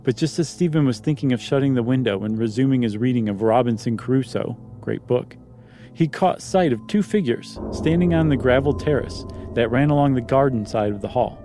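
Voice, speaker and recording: A man's voice: medium pitch, brisk, dark tone, faint music behind. A man reading a ghost story aloud, stopping now and then for joking comments. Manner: reads plainly, breaks off to joke and comment. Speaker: story reader. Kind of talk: casual storytelling with banter.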